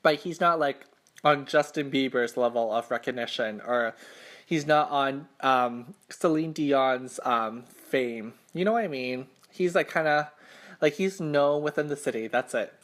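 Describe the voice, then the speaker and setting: A man's voice: medium pitch, unhurried, a bit bright. A young man hosting an eating show, telling a casual story between bites in a rambling, filler-heavy way, self-conscious and embarrassed. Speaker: mukbang host.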